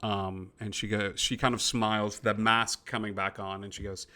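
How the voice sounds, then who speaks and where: A man's voice: lowish voice, flat delivery, normal speed, hardly any pauses, sharp tone. A man running a tabletop role-playing game as game master, narrating loosely with many uh and um fillers. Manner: loose, filler-heavy, frequent uh and um.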